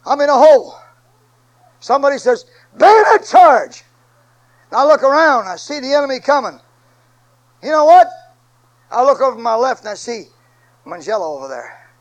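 Fiery high-voiced preacher. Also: male voice, low-quality recording. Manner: fiery, swings from soft to shouting, repeats phrases. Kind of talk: sermon.

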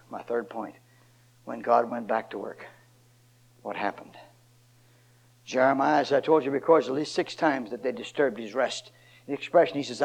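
An older man preaching a sermon, originally from Ohio, swinging from loud emphatic lines to low quiet asides. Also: vocal fry, poor audio. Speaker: pastor.

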